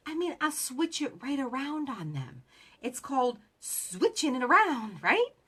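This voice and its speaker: Animated, bright-voiced woman sales coach. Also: sits high, measured pace. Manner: chatty, acts out both sides of conversations. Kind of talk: casual motivational talk.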